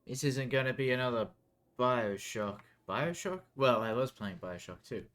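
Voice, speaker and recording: A man streaming a video game, chatting casually, swearing and yelling at enemies on screen. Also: mid-range voice, moderate pace. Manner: animated, swearing, talks to the game. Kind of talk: casual gameplay commentary.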